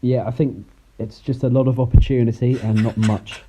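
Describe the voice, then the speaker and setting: A man's voice: mid-range voice, fairly even intonation, normal speed, dark tone, a little hiss or hum. A man co-hosting a comedy podcast, questioning and teasing in a dry way. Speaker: podcast co-host. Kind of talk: casual comedic chat. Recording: dull lo-fi recording.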